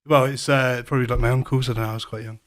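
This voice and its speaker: A young man from Portsmouth telling a made-up story on a comedy podcast in a deadpan, hesitant way. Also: mid-range voice, racing. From Portsmouth, England. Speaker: podcast co-host. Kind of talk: casual comedic podcast chat.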